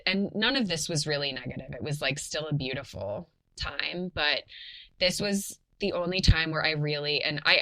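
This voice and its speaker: Bright low-voiced woman telling a story. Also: rough recording. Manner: animated, chatty, many "like" fillers, laughs while telling. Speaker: podcast guest telling her birth story. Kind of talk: casual storytelling.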